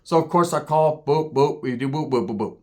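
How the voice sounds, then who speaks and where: A middle-aged man tells a story in a loose, profane, conversational way. His voice sits a little high for a man, and he slips into the voices of the people he quotes. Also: brisk, a little mellow. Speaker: storyteller guest. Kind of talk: casual storytelling.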